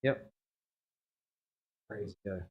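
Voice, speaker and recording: A man's voice: slow, dull audio. Slangy New man chatting. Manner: slangy, rambling, laughs often. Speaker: tattoo artist livestreaming. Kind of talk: casual chat.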